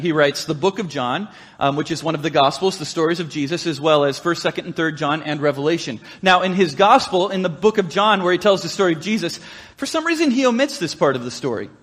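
A man's voice: a little high, a little fast, a bit bright, in a large hall. A man preaching as a pastor, chatty and joking, slipping into playful voices for the people in the story. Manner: casual, joking asides and playful quoted voices. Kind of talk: sermon.

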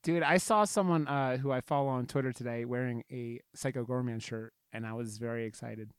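A man co-hosts a podcast in loose, rambling talk, swearing as he goes. His voice is smooth and resonant, and the sound is dry and close. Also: mid-range voice, fairly even intonation, a little fast, no echo. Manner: rambling, swearing, self-deprecating. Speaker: podcast co-host. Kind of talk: casual chat.

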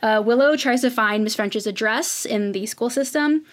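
A woman with a fairly high voice, speaking at normal speed, co-hosts a podcast and recaps episodes. Her casual style is chatty and story-driven, and she acts out the quotes she relays.

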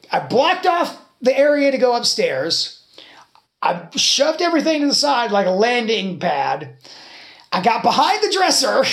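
A podcast host telling a long story in casual chat, swearing freely and telling it with animation. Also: medium pitch.

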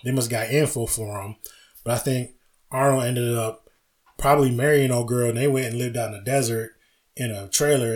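A man co-hosting a casual podcast chat, telling stories with lots of laughter and acted-out quotes. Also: medium pitch. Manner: animated storyteller who acts out quotes and laughs often. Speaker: podcast co-host.

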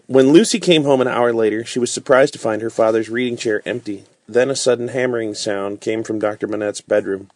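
A man reading a classic novel aloud as a bedtime story, calm and unhurried with occasional fillers. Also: medium pitch, no room sound.

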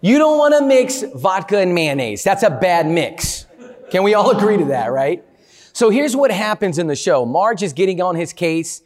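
A man giving a motivational talk to a live audience, energetic and playful, often asking the crowd questions. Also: high-pitched, normal speed. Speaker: motivational speaker.

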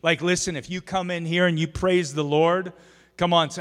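A man preaching a sermon as pastor, animated and exhorting, acting out everyday scenes. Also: on the high side, moderate pace, smooth. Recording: long hall reverb.

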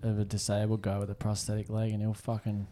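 A man on a comedy podcast, crude, loud and defensive in banter. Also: lowish voice, completely flat delivery, quick pace, background noise. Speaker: co-host.

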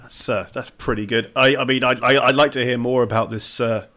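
A man's voice: mid-range voice, fairly even intonation, brisk, sharp tone. Male podcast co-host, rambling and giggly, recaps plots in a storyteller tone. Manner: chatty, giggly, rambling with stumbles; reads plot summary in a storytelling tone. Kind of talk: casual film podcast chat.

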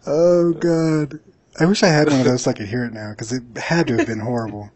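A man with a husky voice recorded dry and close to the mic. He talks in a relaxed, self-mocking way and chuckles at himself. It sounds like a casual podcast conversation. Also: medium pitch, fairly quick, no echo.

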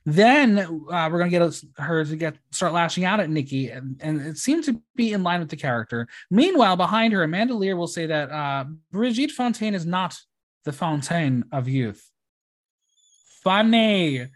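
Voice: medium pitch, very animated, moderate pace. Wry, chatty podcast host. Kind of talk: casual recap chat.

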